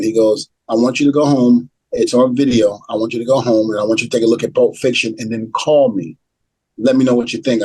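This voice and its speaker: A husky middle-aged man tells a long story as an interview guest. He acts out each line of remembered dialogue. His voice sits in a mid register and is recorded dry and close, with no room sound. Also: mid-range voice, dry recording, poor audio. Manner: animated storyteller acting out quoted dialogue. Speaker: retired pro wrestler, guest.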